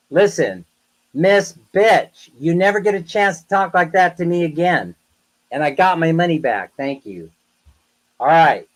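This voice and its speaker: A man hosting a live stream, rambling through animated stories in casual chat with viewers. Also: medium pitch, rough recording. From United States. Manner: rambling, animated, chatty storytelling. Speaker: livestream host.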